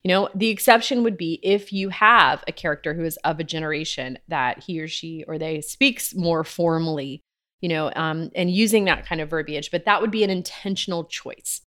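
A low-pitched, slightly bright woman speaks at a moderate pace as a podcast host and writing coach. She offers casual, upbeat tips in a teaching style, often laughing at herself.

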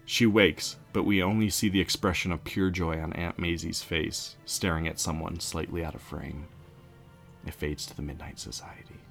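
A man casually retelling a spooky story in an animated way. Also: deep voice, moderate pace, vocal fry, soft background music. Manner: casual, animated, laughs along.

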